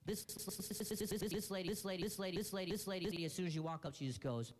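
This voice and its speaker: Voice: mid-range voice, fast. A stand-up comedian telling travel stories, with a strong stutter that repeats words many times. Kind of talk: stand-up routine.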